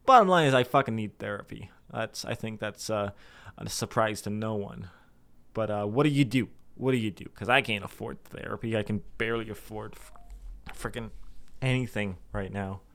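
Gravelly yet a touch bright, this young man's voice stays steady at a normal speed as he talks frankly to his viewers. His self-deprecating, rambling vlog monologue is full of restarts and a little swearing, and he slips into a sudden high pitch to act out anxious inner voices.

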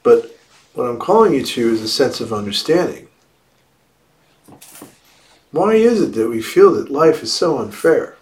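A man delivers a Buddhist dharma talk at an unhurried, measured pace. His voice sits in an ordinary middle pitch, and he lightens his reflective teaching with playful asides. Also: big pitch swings, darkish tone.

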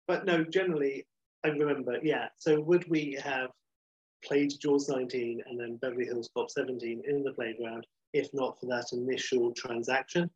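A man with a husky, slightly rough voice chats on a podcast, joking and slipping into silly put-on voices. The recording sounds a bit muffled and lo-fi. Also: mid-range voice, fairly even intonation, normal speed. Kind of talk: casual chat.

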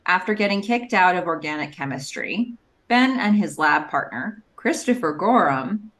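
A woman's voice: fairly low pitch, lively intonation, normal speed, fairly bright tone. A woman co-hosting a TV rewatch podcast, chatting casually and reading out episode details. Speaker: podcast co-host. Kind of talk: casual chat.

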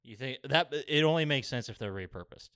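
A man's voice: medium pitch, lively intonation, brisk, a bit bright, clear, resonant tone, no room sound, studio quality. A man hosting a casual gaming podcast, steering the talk and swearing freely. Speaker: podcast host.

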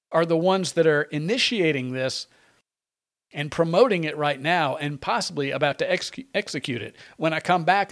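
A man hosting a talk radio show, delivering opinionated political commentary in an animated, sarcastic and emphatic way. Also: fairly high pitch.

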